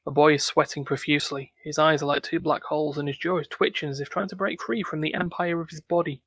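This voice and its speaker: A man's voice: fairly high pitch, fairly even intonation, fast talker, a bit bright, husky, no room sound. A man playing a story game, reading its narration aloud and chatting casually with his co-player between lines. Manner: reads narration aloud, then chats and jokes. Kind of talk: casual let's-play narration.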